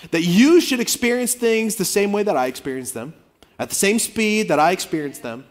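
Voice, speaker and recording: A male pastor preaching a sermon to his congregation, his voice sitting a bit high for a man. He talks to them conversationally, pushing some lines out loudly and dropping others to near-quiet asides. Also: lively intonation, quick pace. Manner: conversational preaching, swings between loud emphasis and quiet asides. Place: church auditorium.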